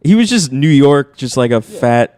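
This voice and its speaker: A man's voice: mid-range voice, sing-song, moderate pace, darkish tone, no room sound, studio quality. A man telling a story on a comedy podcast, rambling with lots of fillers. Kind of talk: casual comedic chat.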